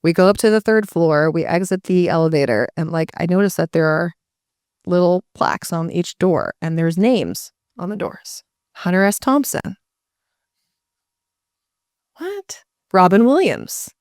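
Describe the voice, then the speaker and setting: Animated storytelling woman, smooth voice. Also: on the low side, measured pace, dry recording, studio quality. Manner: animated, breaks into voices for quoted people. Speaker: guest speaker. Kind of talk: casual storytelling to a live audience.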